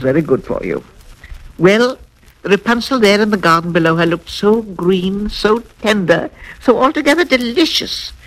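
Expressive man narrating a fairy tale. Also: sits high, rough recording. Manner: expressive, lilting, dwells on words. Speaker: storyteller. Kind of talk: scripted fairy-tale narration for a children's record.

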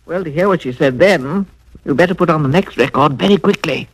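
A man narrating a fairy tale for a children's record in an expressive, lilting way, dwelling on words. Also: on the high side, fairly quick, low-quality recording. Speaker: storyteller.

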